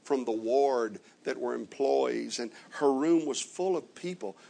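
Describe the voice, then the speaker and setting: A man preaching a sermon, slowly retelling a story with many reported quotes and dramatic pauses. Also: mid-range voice, vocal fry, mellow. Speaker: traveling preacher.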